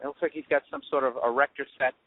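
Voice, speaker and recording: A man's voice: mid-range voice, steady tone, very fast. A man hosting a podcast, riffing alone in a profane, sarcastic ramble while he drives. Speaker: podcast host. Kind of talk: rambling solo monologue. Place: in a car while driving. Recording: tinny phone-like sound.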